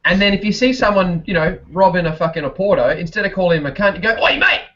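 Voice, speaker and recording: A man's voice: high-pitched, quick pace, fairly bright tone, highs cut off. A man with a South Australian accent, a podcast guest telling rambling stories, swearing heavily and laughing often. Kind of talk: casual chat.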